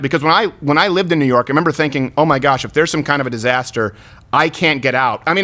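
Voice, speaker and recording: A man hosting a casual comedy interview show, laughing often and cutting in with quick, loud asides. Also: fairly high pitch. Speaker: show host. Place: lives in Texas.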